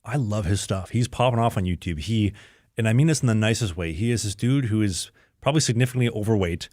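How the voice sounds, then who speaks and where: A man's voice: lowish voice, a little mellow, no room sound, clean studio sound. A young man hosting a podcast and chatting casually in a rambling, jokey way. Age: young adult. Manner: rambling, jokey, fast-talking. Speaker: podcast host, hockey player.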